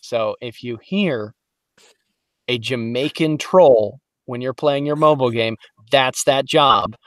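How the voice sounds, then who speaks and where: Animated man telling stories. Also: medium pitch, dry recording, clean studio sound. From Detroit, Michigan. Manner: animated storyteller, slips into quick voices. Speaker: voice actor guest. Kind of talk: casual podcast chat.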